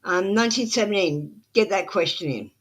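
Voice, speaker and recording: A woman running a live tarot stream who sounds flat and matter-of-fact. She is blunt with her viewers and scolds them when they ignore her instructions. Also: mid-range voice, moderate pace, breathy edge.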